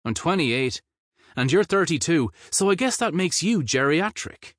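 A man's voice: on the high side, big pitch swings, unhurried, a bit bright, no echo, voice pushed up. A man voicing a brooding male rock star in his late twenties, speaking with a slight Irish lilt and a dry, grumbling humor. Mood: teasing. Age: 20s.

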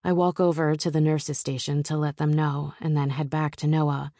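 A woman narrating a romance audiobook in the first person with a soft, intimate storytelling manner. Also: sits low, level tone, normal speed, no room sound, studio quality.

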